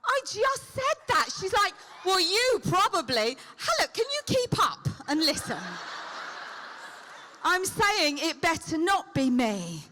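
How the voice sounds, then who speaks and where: A woman's voice: extremely high pitch, very animated, unhurried, pushed and bright, slight background noise. A woman on a convention stage speaking into a handheld microphone. She trades playful, teasing jokes with a live audience during a Q&A. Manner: teasing, playful comic patter. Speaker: celebrity convention guest.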